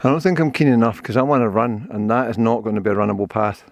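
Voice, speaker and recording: Here the Scottish vlogger talks fast in a steady, medium-pitched voice, though the recording is dry and muffled. He's an older man running and walking a wooded trail with a handheld camera, cheerfully rambling on about the view.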